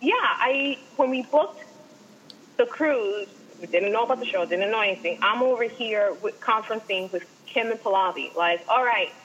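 A woman chatting casually, telling an excited, animated story. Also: a little high, normal speed. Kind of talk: casual chat. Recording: dull lo-fi line with faint noise.

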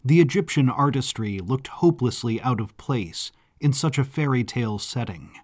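A man narrating a story in a measured, descriptive way. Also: medium pitch, lively intonation, a little mellow. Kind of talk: scripted audiobook narration. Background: faint background music.

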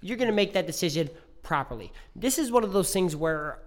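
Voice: medium pitch, animated, fairly quick. A podcast co-host in a casual boxing chat, rambling and stumbling over repeated words, with a teasing edge.

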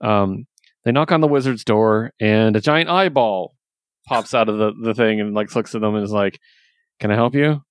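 A man casually recapping a story, chatty and laughing often, quoting characters in quick voices. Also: on the low side, no room sound, clean studio sound. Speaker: comic book reviewer. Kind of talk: casual chat.

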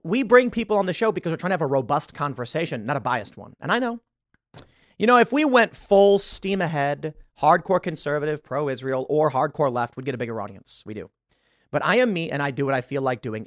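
A fired-up man in his thirties rants through a podcast monologue, his voice bouncing up and down in pitch as he argues his point. He stumbles over restarts and pushes hard on key words. The sound is close and dry. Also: dry recording. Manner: animated and combative, with emphatic outbursts and stammered restarts. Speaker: podcast host. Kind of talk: opinionated monologue.

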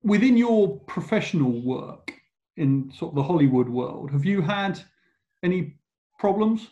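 A man from England interviewing a guest, asking measured, thoughtful questions in a casual tone. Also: high voice, animated, mellow, dull audio.

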